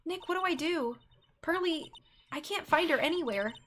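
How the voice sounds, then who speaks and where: Woman as a high, bright, fretful young girl, music behind. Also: lively intonation, moderate pace, slight background noise. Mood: worried. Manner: earnest and anxious. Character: worried, upbeat young spirit-medium girl. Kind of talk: dramatic game reading.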